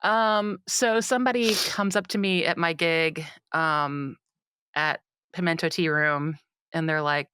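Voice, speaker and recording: Lowish-voiced woman goofing around on a comedy podcast, dry close mic. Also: steady tone, measured pace, sharp tone, clean tone, dry recording. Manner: playful, trades lines and bits, sudden pitch jumps into silly voices. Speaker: podcast co-host, gigging singer. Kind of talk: casual comedic chat.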